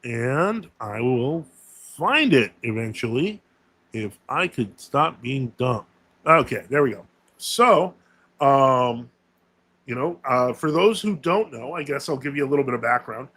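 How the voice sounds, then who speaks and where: Bright-voiced man hosting a casual live stream. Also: mid-range voice, animated, measured pace, breathy edge, no room sound. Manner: rambling, with many fillers and self-corrections.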